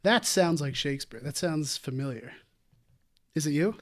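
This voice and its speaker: A man's voice: on the high side, normal speed. A man co-hosting a casual podcast, guessing quiz answers in a rambling, jokey way full of fillers. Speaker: podcast co-host and quiz player.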